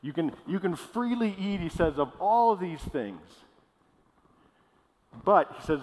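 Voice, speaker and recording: A man's voice: sits high, lively intonation, measured pace, long pauses, darkish tone. A man preaching a sermon as pastor, in a casual, conversational way. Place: church hall. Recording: long hall reverb.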